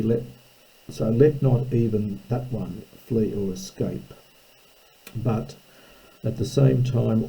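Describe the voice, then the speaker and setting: A man teaching a slow, unscripted lesson, reading a text line by line and explaining its grammar, thinking aloud with frequent ums and self-corrections. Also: medium pitch, fairly even intonation, creaky, warm tone, rough recording.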